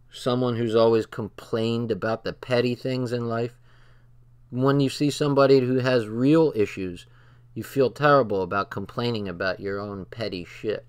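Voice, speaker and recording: A man with a clear, resonant, mid-range voice reads from a text on his channel. He comments on it in a blunt, profane, casual manner, telling stories from his own life.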